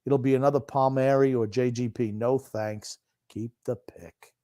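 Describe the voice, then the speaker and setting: A man's voice: mid-range voice, steady tone, moderate pace, warm tone. An older man co-hosting a sports podcast, grumpy and teasing in casual chat. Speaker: podcast co-host.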